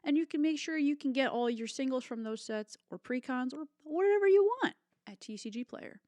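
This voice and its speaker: A woman's voice: sits high, lively intonation, brisk, a little mellow, no room sound. A young woman co-hosting a casual chat show, upbeat and playful. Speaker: co-host.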